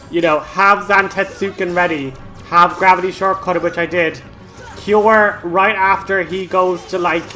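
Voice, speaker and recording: Bright-voiced excitable gaming commentator man. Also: on the high side, low-quality recording. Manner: excitable, relives frustrations with rising outbursts; chatty with frequent fillers and restarts. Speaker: gaming channel host. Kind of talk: game walkthrough commentary.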